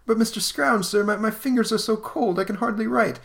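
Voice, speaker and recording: A man's voice: high-pitched, a little fast, vocal fry, a bit bright, voice pushed up. A man voicing a timid, overworked clerk and father in a comic he reads aloud. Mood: pleading. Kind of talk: comic read aloud on a podcast.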